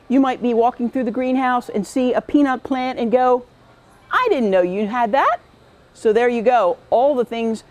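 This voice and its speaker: A woman's voice: on the high side, mellow. A woman hosting a farm store's own show, walking viewers through its products with chatty enthusiasm. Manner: chatty and enthusiastic, repeats "really, really". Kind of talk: upbeat product tour.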